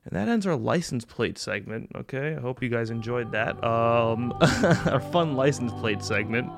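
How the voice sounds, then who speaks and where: A man's voice: medium pitch, normal speed, creaky, over music. A young man hosting a podcast, ranting in a casual comedic monologue with lots of swearing and mocking put-on voices. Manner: profane, animated rants with mocking put-on voices. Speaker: podcast host.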